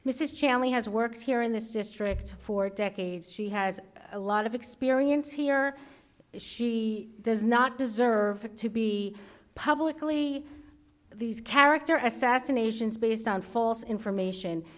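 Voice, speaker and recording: A woman with a fairly high voice runs a school board meeting. She speaks in a firm, reproving tone. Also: measured pace. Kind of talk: public meeting address. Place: public board meeting room.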